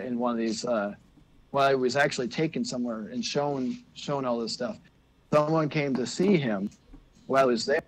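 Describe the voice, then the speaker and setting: A man's voice: medium pitch, slight background noise, low-quality recording. A man on a casual livestream, retelling a religious story in a rambling, hesitant way. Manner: rambling, hesitant, many fillers and restarts.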